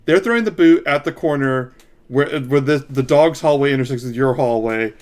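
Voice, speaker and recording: A man's voice: mid-range voice, moderate pace. Swearing male game master. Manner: exasperated, swearing, joking. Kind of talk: running a tabletop game on a livestream.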